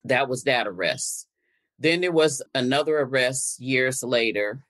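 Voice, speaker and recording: A woman's voice: extremely low pitch, lively intonation, measured pace, fairly bright tone. An older woman from Connecticut, a guest and activist, telling her story in conversation and acting out the exchanges she quotes. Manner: recounting events, re-enacting exchanges in quotes.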